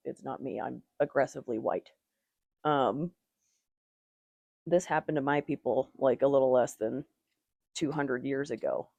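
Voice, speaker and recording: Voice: medium pitch, vocal fry, darkish tone, no room sound, muffled recording. A tarot reader giving a casual, rambling reading, with strong opinions and lots of "like" fillers.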